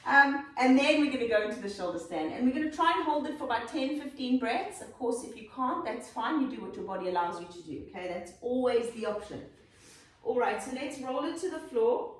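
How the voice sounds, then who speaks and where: A South African woman leading a yoga class, giving calm, encouraging cues and gentle options. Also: on the high side, fairly quick. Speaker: yoga instructor. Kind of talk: guided yoga class instruction. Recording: very echoey room, from a distance.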